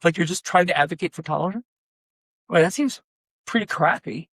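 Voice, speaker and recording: Animated pastor telling stories, slightly high. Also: male voice, a little fast, husky, dry recording. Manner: animated storytelling, acting out both sides of conversations. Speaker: pastor giving a workshop talk. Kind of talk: conversational workshop talk. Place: conference room.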